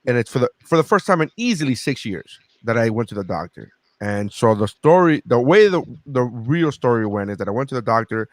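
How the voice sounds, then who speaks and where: A man in his thirties, a comedian hosting a podcast, telling stories in a profane, animated way. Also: medium pitch, brisk, no echo. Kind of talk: casual podcast chat.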